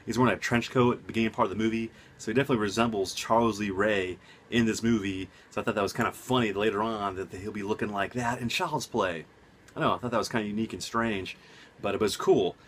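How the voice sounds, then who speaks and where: Rambling excitable man. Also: lowish voice, fast, slight background noise. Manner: rambling, excitable, lots of side notes. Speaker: movie review vlogger. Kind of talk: casual enthusiastic vlog. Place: home room.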